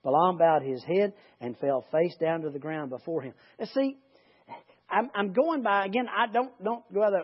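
A man's voice: high voice, normal speed, breathy edge. A man leading a Bible study, reading scripture and breaking off into rambling, joking asides. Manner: chatty, rambling, self-interrupting. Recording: lo-fi recording.

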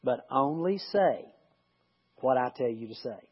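A man reading the slow, deliberate lines of a stern angel from a Bible story. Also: medium pitch, lively intonation, husky, pitched below the performer's own voice. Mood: commanding. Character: stern sword-bearing angel, male. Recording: lo-fi recording.

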